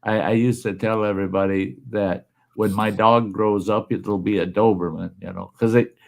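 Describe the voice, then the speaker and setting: Gravelly man telling a folksy story. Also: lowish voice, normal speed. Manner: folksy, animated, acts out voices in his stories. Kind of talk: casual storytelling chat.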